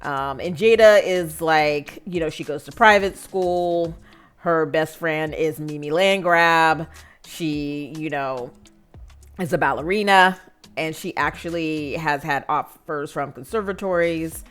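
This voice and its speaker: Chatty low-voiced woman narrating gameplay. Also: slow pace, clean tone, faint music behind. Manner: chatty, lots of fillers, laughs often. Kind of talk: casual gameplay commentary.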